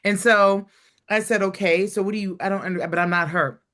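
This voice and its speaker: A woman's voice: mid-range voice, fairly even intonation, fairly quick, a bit bright. A woman comedian chatting casually, teasing her co-hosts and acting out the people in her story. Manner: teasing, chimes in with quips and acts out quoted callers. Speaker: comedian and podcast co-host. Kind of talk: casual chat.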